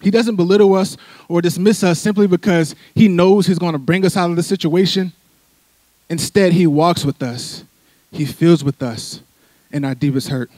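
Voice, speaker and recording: High-voiced man preaching, conversational asides. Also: moderate pace, darkish tone, dry recording. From Philadelphia. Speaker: church speaker. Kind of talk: sermon. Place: church sanctuary.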